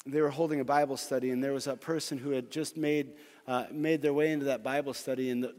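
A man preaching a sermon as a pastor, speaking earnestly and pausing often, then pressing his points with more force. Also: medium pitch, darkish tone, in a large hall.

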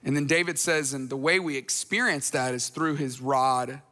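A man's voice: mid-range voice, steady tone, normal speed, bright, forceful tone, in a large hall. A man preaching a conversational sermon, earnest, repeating phrases for emphasis and adding storytelling asides. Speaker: pastor.

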